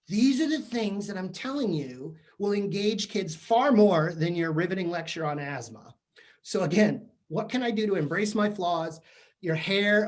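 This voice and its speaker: A man's voice: high-pitched, animated, moderate pace. Guy doing a jokey, self-mocking talk for teachers, chatty and loose. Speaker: keynote speaker to teachers. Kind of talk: humorous professional development talk. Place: virtual session from home or office.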